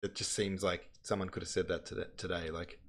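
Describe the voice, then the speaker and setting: A man's voice: deep voice, little pitch movement, fairly quick. A man hosting a livestream, chatting in a rambling way and reading passages aloud. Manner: rambling, chatty, self-interrupting. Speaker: livestream host.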